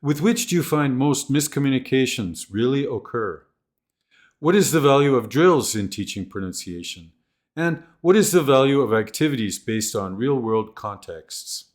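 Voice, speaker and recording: A man giving a scripted lesson on teaching pronunciation, slowly modelling example phrases and sentences. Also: medium pitch, animated. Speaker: teacher trainer. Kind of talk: scripted instructional narration.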